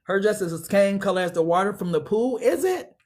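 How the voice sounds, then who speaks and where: A man's voice: high voice, fairly even intonation, fast talker. A man giving a casual tarot reading and talking straight to the viewer in slangy, profane, chatty speech. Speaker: tarot reader.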